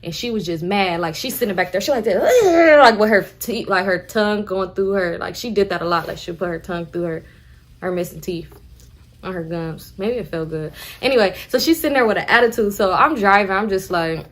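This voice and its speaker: A woman's voice: mid-range voice, brisk. Profane slangy young woman storyteller. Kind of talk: casual storytime.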